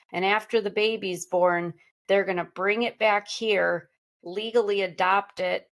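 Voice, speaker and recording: A woman's voice: medium pitch, gravelly. A woman guest on a podcast, telling her own story bluntly and candidly and swearing freely.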